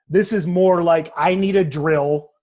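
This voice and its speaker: A man's voice: on the high side, steady tone, a little slow, a little mellow. A man co-hosting a podcast, talking in a loose, rambling way with lots of restarts and casual slang. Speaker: podcast co-host. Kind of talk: casual chat.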